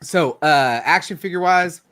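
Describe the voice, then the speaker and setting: In an unhurried voice on the higher side, the late-night host rambles through casual anecdotes. He animates each tale by acting out what people said.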